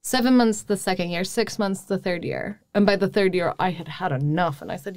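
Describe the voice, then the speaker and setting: A woman in her thirties from Wisconsin, a podcast guest telling her story in lively casual chat. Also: lowish voice, a little fast, few pauses, no room sound. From Wisconsin, USA. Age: 30s. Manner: lively, acts out quoted exchanges.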